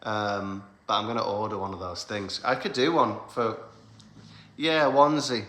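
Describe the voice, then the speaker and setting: A man's voice: lowish voice, steady tone, moderate pace, a bit bright. A man from the UK, hosting a casual livestream for his band's fans, rambling chattily with lots of fillers and laughs. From United Kingdom. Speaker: band leader hosting a fan livestream. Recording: roomy echoey room sound.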